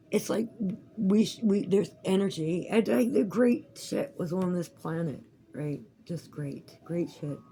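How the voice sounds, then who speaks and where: A woman's voice: lowish voice, warm tone, a little hiss or hum, poor audio. A woman vlogging at home, rambling casually with lots of swearing and frequent laughs. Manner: profane, rambling, laughs often. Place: at home while crafting.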